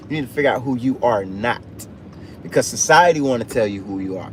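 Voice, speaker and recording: A man livestreaming from inside a truck, preaching motivation in a steady mid-range voice. He hammers each point with repeated, emphatic lines. Road and engine noise hums clearly behind him on the phone recording. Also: medium pitch, a little fast. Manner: emphatic, repetitive preaching cadence. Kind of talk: off-the-cuff motivational talk. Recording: noisy vehicle cabin sound.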